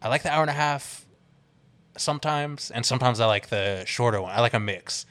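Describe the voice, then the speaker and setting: A man's voice: medium pitch, a little fast, fairly bright tone. Laid-back young man laughing on a podcast. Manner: laughs often, swears casually, acts out quoted bits. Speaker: podcast co-host. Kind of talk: casual podcast chat.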